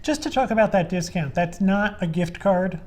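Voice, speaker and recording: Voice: mid-range voice, moderate pace, darkish tone. A podcast co-host in a casual panel chat, jumping in with short comments and asides.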